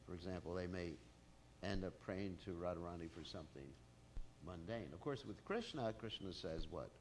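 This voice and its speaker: A man giving a devotional scripture lecture in a relaxed storytelling manner, full of "uh" and "you know", speaking to a masked audience. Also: low-pitched, a little hiss or hum. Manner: casual storytelling with frequent fillers. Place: temple hall with a masked audience.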